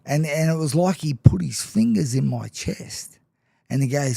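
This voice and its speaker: A man's voice: a little high, lively intonation, moderate pace, vocal fry, mellow, no room sound, clean studio sound. A man telling his own story to an interviewer, frank and self-mocking, and often laughing as he talks. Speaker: guest. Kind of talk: personal storytelling in conversation.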